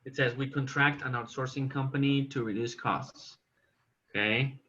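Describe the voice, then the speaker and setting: Bright-voiced man teaching an online English class. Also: mid-range voice, steady tone, normal speed, dull audio. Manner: patient, correcting students.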